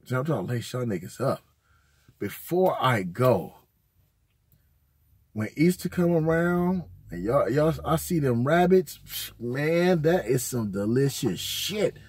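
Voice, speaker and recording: A man's voice: medium pitch, lively intonation, takes it slowly, darkish tone, breathy edge, no room sound. A man, host of his own channel, telling casual, rambling, profane stories full of slang. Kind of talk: casual storytelling.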